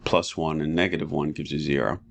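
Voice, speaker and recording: A man teaching chemistry in a relaxed, casual lecture, walking students through each step and often asking "right?". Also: fairly quick. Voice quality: very deep and gravelly. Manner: relaxed, talks students through steps with frequent rhetorical "right?".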